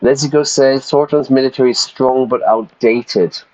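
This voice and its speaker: A man's voice: mid-range voice, fairly even intonation, moderate pace, darkish tone, dull audio. A man streaming a game who reads its text aloud and stops to explain vocabulary, chatty, and now and then stumbling over repeated words. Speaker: English teacher streaming a game.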